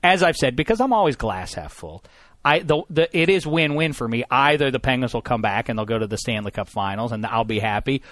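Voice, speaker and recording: A man hosting a casual sports talk show from a studio, joking and mocking himself, his voice rising and falling in loudness. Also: medium pitch, lively intonation, fairly quick, no room sound. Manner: jokey, self-mocking, swings between loud and quiet. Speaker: podcast host.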